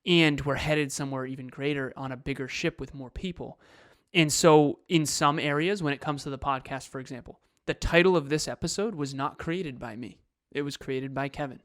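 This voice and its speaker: A man's voice: on the high side, moderate pace, no room sound, studio quality. A man co-hosting a podcast, explaining his ideas earnestly with examples. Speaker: podcast co-host. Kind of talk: casual podcast talk.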